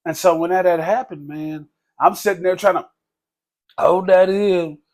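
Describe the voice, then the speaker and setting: A man telling his life story in a casual podcast conversation, talking loosely and dropping low to quote others. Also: steady tone, unhurried, a little mellow. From Texas. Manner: conversational, peppers speech with "man" and "bro", drops low for quoted speech. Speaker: podcast guest.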